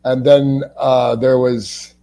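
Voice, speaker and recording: A man from Cleveland, an actor guest, telling profane, animated anecdotes in a casual interview. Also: mid-range voice, slow, low-quality recording. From Cleveland, USA.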